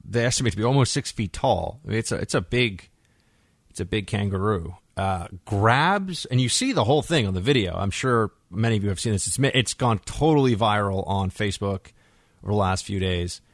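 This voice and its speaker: A man hosting a talk radio show, telling stories in an animated, conversational way into a studio microphone. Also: lowish voice, brisk, dry recording.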